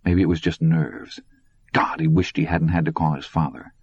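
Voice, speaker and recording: A man narrating an audiobook in a husky voice. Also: a bass voice, steady tone, moderate pace, no echo. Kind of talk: scripted narration. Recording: dull, lo-fi recording.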